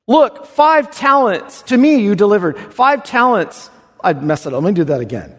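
Animated male preacher in a reverberant hall. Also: high voice, normal speed. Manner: animated, swings from hushed to exclamatory. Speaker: pastor. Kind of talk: expository sermon.

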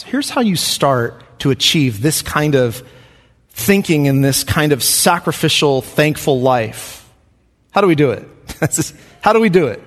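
Preaching man in a reverberant hall. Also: medium pitch. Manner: earnest, preacherly, repeats questions for emphasis. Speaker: pastor. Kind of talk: sermon.

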